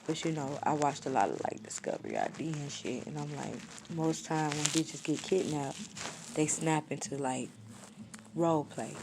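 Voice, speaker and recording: In a casual story-time vlog, a woman in her twenties tells a personal story using blunt, slangy, matter-of-fact language that shows little emotion. Her voice is low and expressive with vocal fry, she speaks at a moderate pace, and background noise is audible.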